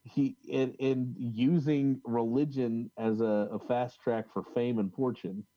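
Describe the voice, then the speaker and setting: This podcast co-host speaks at a medium pitch in a steady tone, with no echo and a dull sound. Chatting casually about religious history, he reads quotes from old accounts and keeps stumbling through fillers and restarts.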